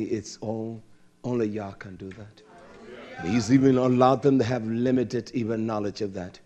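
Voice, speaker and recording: A man preaching a sermon, quoting and expounding scripture, swinging from shouted high exclamations to low murmurs. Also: lo-fi sound. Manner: quotes and expounds scripture, drawn-out emphatic words.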